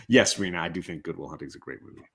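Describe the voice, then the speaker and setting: Man, very low voice, casual host, chatty, laughs a lot. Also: creaky, fairly bright tone, breathy edge. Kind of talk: casual chat.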